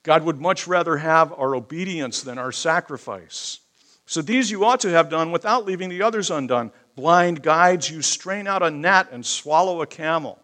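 A man preaching a sermon, thundering scripture and then softening into personal asides. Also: moderate pace. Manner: booming scripture reading, softening into emotional asides. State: choked up.

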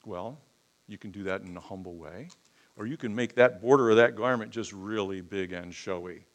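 Male preacher, lowish voice, relaxed teaching tone that spikes into emphasis. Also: moderate pace. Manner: conversational teaching with emphatic outbursts. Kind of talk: sermon.

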